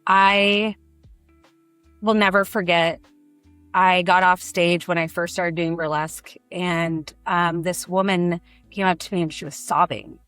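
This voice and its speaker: A middle-aged woman from Brazil, a burlesque performer, telling candid, animated stories in an interview and acting out the people she quotes. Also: lowish voice, measured pace, clean tone, no room sound, soft background music. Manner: animated, emotional storytelling with acted quotes.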